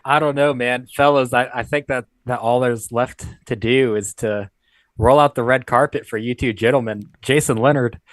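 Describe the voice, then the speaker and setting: A man's voice: medium pitch, steady tone, normal speed, no echo. A man hosting a podcast, joking around casually with his guests. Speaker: podcast host.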